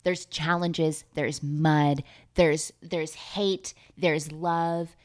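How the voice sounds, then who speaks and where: A woman tells the story of a movie in a breathless, gossipy rush. Her voice sits a little low, then shoots up into loud, squealing outbursts and salty asides, and she talks as if she is chatting with a friend. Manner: fast, animated, profane, with big comic pitch jumps. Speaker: vlogger recapping a movie. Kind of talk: casual chat.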